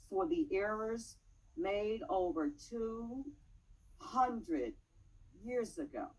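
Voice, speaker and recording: A woman giving a dramatic poetry recitation at a public meeting, measured, with pointed pauses and rising emphasis. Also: mid-range voice, slightly rough, low-quality recording.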